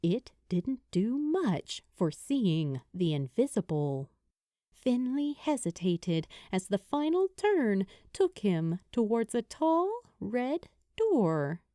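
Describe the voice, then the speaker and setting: A woman narrates a fantasy novel, unhurried and deliberate, her mellow voice rising and falling with the story. The sound is dry and close, with no room around it. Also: mid-range voice, no echo. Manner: measured, expressive storytelling. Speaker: audiobook narrator. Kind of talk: scripted narration.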